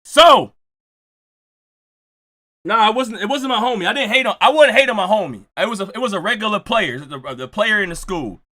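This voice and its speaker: A young man telling a story with jokes, acting out quotes and often shouting. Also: sits high, lively intonation, normal speed. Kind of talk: animated storytelling.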